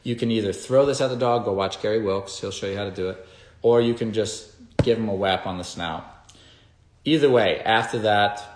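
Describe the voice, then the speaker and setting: A man with a fairly low voice teaching dog training in an emphatic, casual way. He keeps turning to the listener with quick "okay?" and "right?" check-ins. His voice rings around an echoey room. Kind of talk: casual instructional talk.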